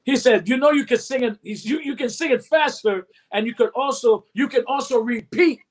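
Speaking at a moderate pace with an extremely high-pitched voice, a male recording artist in his fifties recounts his story in an interview. He animatedly acts out what others said and hums beats as he goes.

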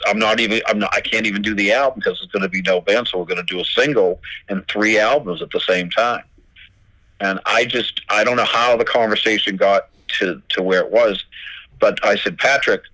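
Guest storyteller, man, lowish voice, dry close sound, salty retold dialogue. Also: sharp tone, no echo, low-quality recording. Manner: swears freely, retells dialogue with "I go". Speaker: record label owner, guest. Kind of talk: storytelling in a podcast interview.

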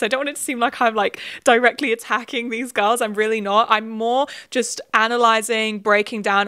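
A young woman talks through her topic in a chatty commentary style, dropping in laughing asides along the way. Her voice sits a little high, bright and smooth, with crisp, clean delivery. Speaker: video essayist. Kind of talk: casual commentary video.

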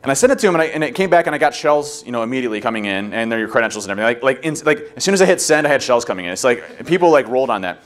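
A man giving a conference talk on security, rapidly telling animated stories and acting out the people in them. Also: medium pitch. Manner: rapid, animated storytelling, acts out quotes. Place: conference room.

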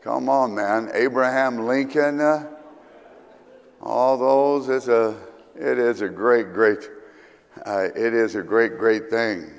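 A male pastor from Kentucky with a Southern accent, telling rambling, humorous stories in a sermon, often pausing with fillers. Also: medium pitch, creaky. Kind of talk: storytelling sermon. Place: church sanctuary. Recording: reverberant church hall.

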